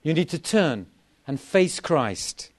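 Slow, lively-pitched male preacher. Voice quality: lively, swooping delivery with emphatic repetition. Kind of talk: sermon.

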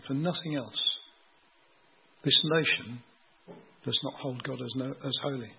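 Husky-voiced man preaching. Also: medium pitch, highs cut off. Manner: explanatory, unhurried teaching with rhetorical questions. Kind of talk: sermon teaching on scripture.

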